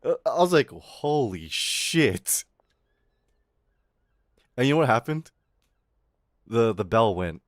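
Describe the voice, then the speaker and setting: A man's voice: mid-range voice, sing-song, normal speed, long pauses, no room sound, clean studio sound. A man streaming live and telling a story in a rambling, profane way, full of fillers. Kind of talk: casual storytelling on a livestream.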